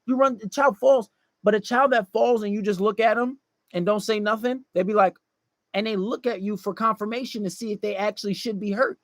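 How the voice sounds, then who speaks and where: A man's voice: sits high, fairly even intonation, fairly quick, no room sound, studio quality. A man giving dating advice in a casual livestream monologue, blunt and profane, lecturing and acting out quoted voices.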